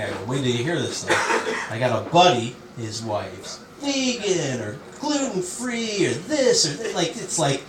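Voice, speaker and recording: A man on a comedy club stage, talking a little high with a bouncy, animated delivery as he acts out his stories. The sound is roomy and set back from the mic. A packed crowd laughs loudly throughout. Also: normal speed, distant mic. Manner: conversational storytelling, acts out quotes. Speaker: stand-up comedian. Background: audience laughter.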